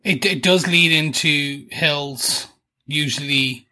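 A man co-hosting a podcast, animated and jokey, musing aloud with questions in casual chat. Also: fairly high pitch, takes it slowly. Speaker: podcast co-host.

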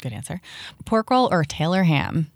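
An upbeat woman hosts a casual chat and fires off quick questions. Her voice sits low for a woman. The recording is dry and close. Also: very animated, no room sound. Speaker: podcast host.

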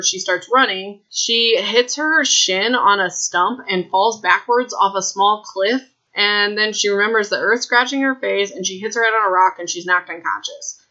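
A woman hosts a podcast, recapping a book in a chatty, excitable way, often stopping to talk to her listeners. Her voice is bright and forward. The recording sounds a little dull and lo-fi. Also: medium pitch. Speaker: podcast host.

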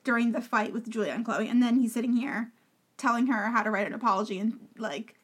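A podcast co-host recaps a reality TV show in casual chat, speaking opinionatedly and emphatically while talking over the other host. Her fairly high voice is husky, and she talks fast.

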